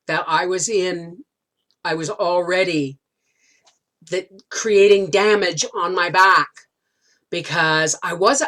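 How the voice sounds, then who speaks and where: A middle-aged woman with a slightly low voice chats to camera, spinning a long, rambling story. She restarts her sentences often, as if talking with friends at the kitchen table. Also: a bit bright. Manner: chatty, rambling, many restarts. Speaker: homesteading vlogger.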